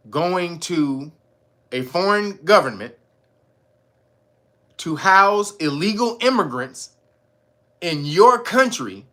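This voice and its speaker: A male host talks through a casual commentary stream with animated, profane energy. He laughs often, and his voice has a bright, forward edge. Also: high-pitched.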